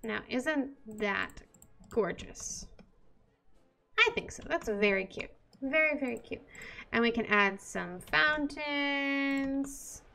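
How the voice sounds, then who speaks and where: Slow, gravelly woman gaming commentator. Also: high-pitched, lively intonation, bright, forceful tone. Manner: exasperated, chatty, talks to herself. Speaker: gamer. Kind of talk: casual let's-play commentary.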